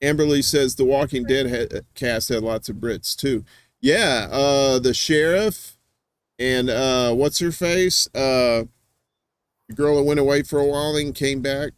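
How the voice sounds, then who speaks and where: A man's voice: medium pitch, measured pace, smooth, dry recording. Rambling man on a dry mic. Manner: rambling, many fillers and restarts. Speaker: podcast host. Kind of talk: casual live-stream chat.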